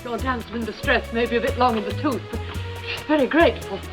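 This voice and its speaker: A woman's voice: fairly high pitch, fairly quick, close to an everyday voice. An actress playing a prim, indignant elderly English village witch in a 1970s TV drama, with a plummy, imperious manner. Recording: distant archive TV audio with music.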